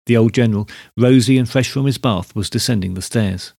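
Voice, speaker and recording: Gravelly, husky male storyteller. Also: fairly low pitch, brisk, a little mellow, no echo, clean studio sound. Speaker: narrator. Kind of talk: scripted storybook narration.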